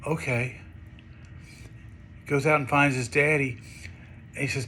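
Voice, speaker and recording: Slow, bright-toned man giving a tribute. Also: mid-range voice. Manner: slow, relaxed, dry storytelling. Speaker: songwriter giving a video tribute. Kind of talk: recorded tribute with a joke.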